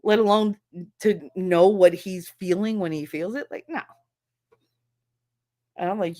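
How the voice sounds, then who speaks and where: A former schoolteacher talks bluntly and with profanity in a casual livestream chat, acting out the voices she quotes. Her voice is medium-pitched and mellow, a little slow, with long pauses.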